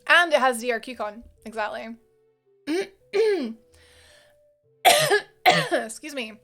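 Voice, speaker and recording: A woman's voice: on the high side, expressive, takes it slowly, bright, forceful tone, soft background music. A woman with a Scottish accent, chatting casually with viewers on a live game stream, rambling and laughing often.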